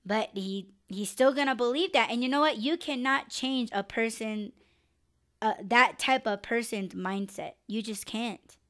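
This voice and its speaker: On her live podcast, this young host lets loose in a casual rant, blunt, animated, and heavily profane. She sounds a little high and takes an unhurried pace.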